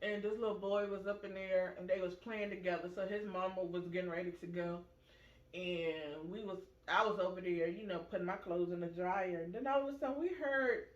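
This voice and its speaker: A woman hosting a casual chat, telling stories with animated acted-out quotes. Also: lowish voice, a little fast. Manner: animated storyteller, acts out quoted voices. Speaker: vlog host. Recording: echoey room, muffled sound.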